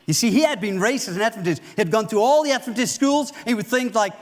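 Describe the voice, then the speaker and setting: A male pastor preaching in a church, with a high-pitched voice carried by a long reverb through the sanctuary. He tells the story vividly and slips into the voices of the people in it as he speaks. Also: fast talker. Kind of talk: sermon.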